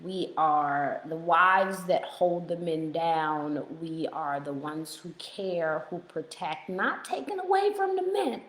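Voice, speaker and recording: A woman's voice: low voice, takes it slowly, few pauses, roomy sound, a little hiss or hum, low-quality recording. A middle-aged American woman, a weight-loss coach, chatting casually on a live stream in a playful, motivational way and laughing often.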